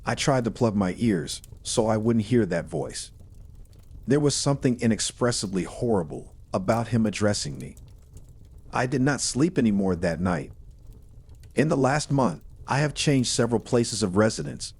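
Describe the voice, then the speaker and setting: A man reading a first-person horror story in a steady, measured storytelling manner. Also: medium pitch, breathy edge.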